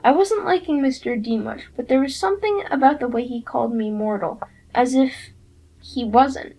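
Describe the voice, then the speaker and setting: A woman reads a novel aloud in the first person, telling the story expressively. Her voice sits somewhat high. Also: normal speed, mellow, a little hiss or hum, low-quality recording. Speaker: narrator.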